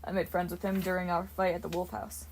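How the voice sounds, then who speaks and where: A woman's voice: fairly low pitch, little pitch movement, quick pace, slight background noise, natural voice. A woman voicing a respectful, well-mannered teenage boy hero. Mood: friendly. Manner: polite and respectful.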